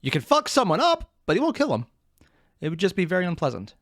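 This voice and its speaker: A man hosts a casual reaction video, his somewhat high voice leaping up and down as he makes sarcastic, rambling remarks and pokes fun at himself. He swears freely. The recording is dry and close, with no room echo. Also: wildly swooping pitch, quick pace. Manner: rambling asides and self-mockery.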